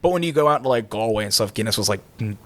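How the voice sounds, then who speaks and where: A man co-hosting a podcast, telling travel stories in a casual, animated way and laughing as he acts out quotes. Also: lowish voice, rapid-fire, no echo. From Pennsylvania, United States. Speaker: podcast co-host. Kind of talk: casual storytelling chat.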